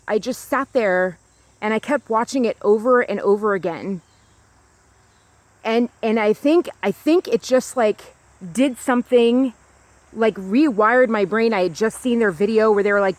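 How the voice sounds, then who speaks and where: A woman's voice: a little high, measured pace, no echo. Rambling woman vlogging outdoors. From United States. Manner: rambling, fillers of like, restarts. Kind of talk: casual rambling monologue to camera. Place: outdoors on a grassy hill. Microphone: small camera.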